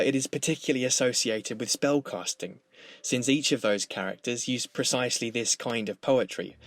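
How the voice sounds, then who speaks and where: A man narrating a scripted literature lesson in a measured, explanatory way. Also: mid-range voice. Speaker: literature lecturer.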